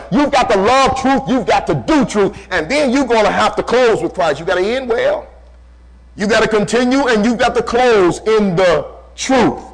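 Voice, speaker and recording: A man preaching a sermon, emphatic and repeating key phrases, dropping low and slow when quoting scripture. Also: rough recording.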